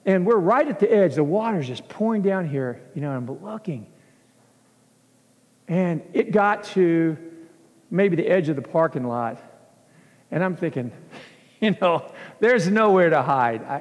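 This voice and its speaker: A man preaching as pastor, telling a story in an animated way and acting out the scenes in a church. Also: on the high side, a little slow, long pauses. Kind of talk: sermon storytelling. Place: church sanctuary. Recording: long church hall reverb.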